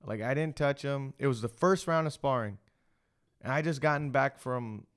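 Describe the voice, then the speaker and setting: A man's voice: mid-range voice, normal speed, clear, resonant tone. A man co-hosting a casual podcast chat, telling a story in a rambling way full of restarts. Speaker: podcast co-host.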